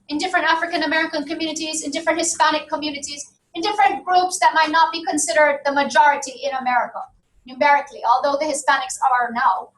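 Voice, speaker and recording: A woman's voice: high voice, fairly bright tone. A woman lecturer teaching a university class, talking in loose, self-correcting sentences and checking in with "okay?". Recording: roomy classroom audio from a distance.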